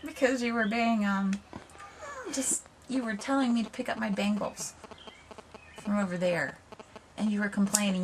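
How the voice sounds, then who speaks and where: A woman's voice: medium pitch, moderate pace, long pauses, background noise. A woman talks in an easy, wandering way on her home vlog, hopping from thought to thought. She gets playfully bossy now and then. Her voice sits mid-range, and faint room ambience runs underneath. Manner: rambling, chatty, playfully bossy. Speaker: vlog host. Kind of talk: casual home vlog chat.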